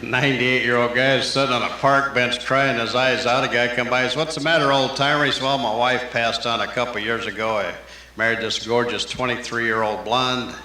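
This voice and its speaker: Bright-voiced stand-up comic on old tape. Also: male voice, medium pitch, little pitch movement. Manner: rapid-fire one-liners, jumping into character voices. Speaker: stand-up comedian. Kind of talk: live stand-up joke telling. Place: live comedy venue. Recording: roomy live club tape with hiss.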